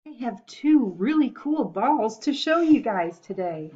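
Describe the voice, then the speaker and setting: A woman teaching an online preschool lesson, slow and cheerful, with sing-song praise for young children. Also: on the high side, sing-song, dark tone, highs cut off.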